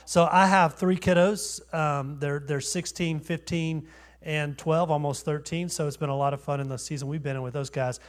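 Conversational pastor preaching. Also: male voice, fairly high pitch, steady tone, moderate pace. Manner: conversational, self-deprecating preaching with rhetorical questions. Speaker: guest pastor. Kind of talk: sermon. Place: church sanctuary.

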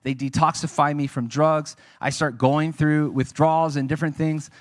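A man's voice: on the high side, fairly even intonation, normal speed, no echo, studio quality. A man preaching a sermon, telling his own testimony in an earnest, conversational way and speaking to the audience.

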